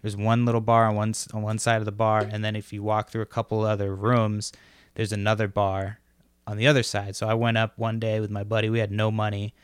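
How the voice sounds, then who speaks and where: A man's voice: fairly low pitch, flat delivery, a little fast, smooth, no echo. A man co-hosting a podcast, telling crude stories in a laid-back way. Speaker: podcast co-host. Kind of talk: casual chat.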